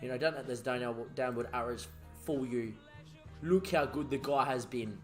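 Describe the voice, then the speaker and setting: A young man commentating his own football management game, excitable and chatty. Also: medium pitch, moderate pace, faint music behind. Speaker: gaming YouTuber.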